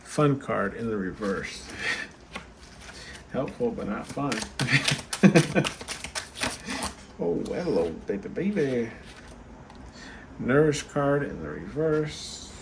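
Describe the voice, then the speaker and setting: A man hosts a casual oracle card reading, tired and chatty, full of fillers as he talks straight to his viewers. His voice sits at an ordinary middle pitch. A steady background noise runs under the recording. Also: slow, vocal fry, long pauses. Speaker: tarot card reader and channel host.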